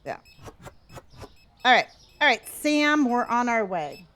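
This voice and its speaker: Chatty streamer woman, slightly high voice. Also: takes it slowly. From Southern California. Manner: chatty, reads viewer locations aloud with sudden excited gasps; talks to herself while playing a store game. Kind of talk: casual live-stream chat.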